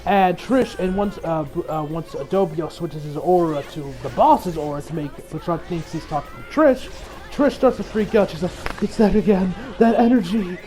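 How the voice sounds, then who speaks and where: A man with a high voice talks through an anime episode in casual review style. He rambles, restarts his sentences, and laughs often. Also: lively intonation, moderate pace, darkish tone, soft background music, poor audio.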